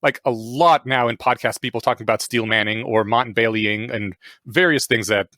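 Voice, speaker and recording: A man hosting a podcast in casual chat, excitable, laughing often and swearing casually. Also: medium pitch, fairly quick, no echo, clean studio sound. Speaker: podcast host.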